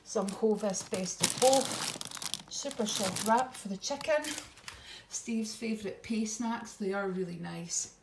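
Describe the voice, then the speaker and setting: A chatty woman vlogger with a medium-pitched voice speaks slowly, homely and casual, with frequent ums as she goes over her grocery haul. She's a little out of breath. The room is echoey with faint noise.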